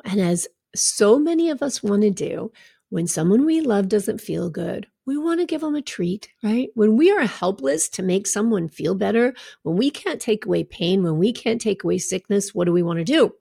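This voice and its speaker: A middle-aged woman coach speaks in a casual, candid way, tossing asides to her listeners. Her voice has a gravelly edge at a mid pitch. The sound is dry and close, with no room echo. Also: expressive, moderate pace. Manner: warm, candid, conversational with asides and laughs. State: recovering from a draining treatment. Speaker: health coach. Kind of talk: casual personal talk to followers.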